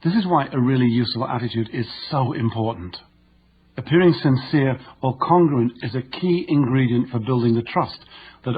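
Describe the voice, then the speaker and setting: A man narrating a nonfiction audiobook in a measured, instructive way. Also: mid-range voice, muffled recording, slight background noise.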